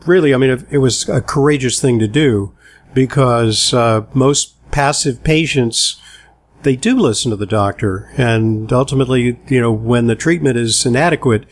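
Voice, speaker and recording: A man's voice: medium pitch, normal speed. A male host with an ordinary mid-range voice. He mostly offers brief affirmations while his guest speaks, then adds a short comment of his own. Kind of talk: interview.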